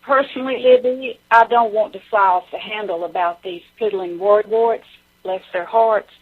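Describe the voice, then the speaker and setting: A woman's voice: mid-range voice, breathy edge. A woman with a Southern US accent, a guest speaking in a folksy, homespun way full of regional sayings. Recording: phone-line audio.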